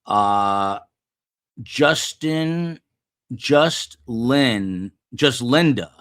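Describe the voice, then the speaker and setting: A man's voice: medium pitch, expressive, drawn-out words, a bit bright. A man from the United States hosting a live stream, rambling casually and chatting with viewers. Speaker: livestream host. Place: upper floor of a building.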